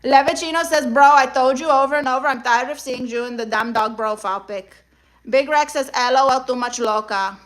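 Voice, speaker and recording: A young woman of Puerto Rican and Guatemalan background hosts a sassy comedic livestream, reading viewer comments loudly and brashly, with exclamations and Spanish slang. Her voice is high and steady in tone, fairly quick, and the audio is poor.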